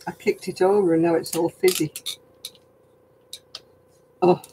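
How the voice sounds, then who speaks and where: A man's voice: high-pitched, flat delivery, a little slow, dark tone, a little hiss or hum, rough recording. An older man hosting a casual livestream chat, talking in a rambling, chatty way and laughing often. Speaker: host.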